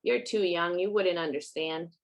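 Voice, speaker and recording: A woman reading aloud voices a stubborn elderly grandmother who scolds and complains to her granddaughter in a fairly low voice. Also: moderate pace, close to an everyday voice, rough recording. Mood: dismissive.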